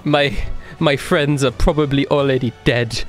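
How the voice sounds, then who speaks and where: A man voicing a gloomy Frenchman with a put-on French accent, mournful and slow, in a tabletop game. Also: medium pitch, steady tone, soft background music, lightly acted. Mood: despairing.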